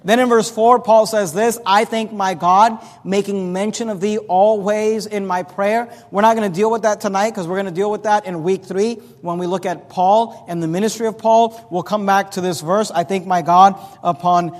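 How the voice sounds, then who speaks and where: A man preaching a sermon as pastor of his church, talking emphatically with big swings in loudness and pitch. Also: steady tone, normal speed, few pauses. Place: church sanctuary. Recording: long reverb of a church hall.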